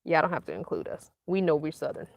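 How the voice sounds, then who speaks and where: A woman from Northern Virginia hosting a casual livestream, reading viewer comments aloud in a chatty, animated way and laughing often. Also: sits low, quick pace, no echo. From Northern Virginia, USA. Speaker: vlogger hosting a live chat.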